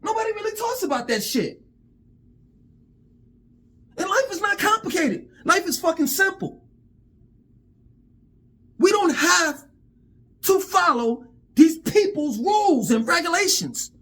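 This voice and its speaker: A man vents in a fiery, profane monologue and keeps tripping over repeated words. His voice sits high and leaps all over the place. He sounds worked up and blunt. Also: big pitch swings, measured pace, pauses often, fairly bright tone. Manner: heated, profane, stammering repetitions. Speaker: vlogger. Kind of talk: angry monologue rant.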